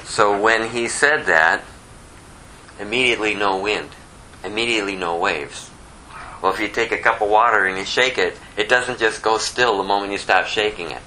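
A man with a low, bright and forceful voice teaches a small Bible study group. He tells the story in a lively way and pushes his voice up in emphatic bursts. A faint hum sits behind him. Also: normal speed, rough recording.

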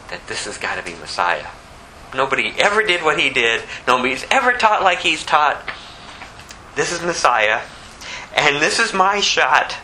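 A man preaching a sermon with fervent, animated delivery that builds toward near shouting. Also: fairly high pitch, slight background noise, poor audio.

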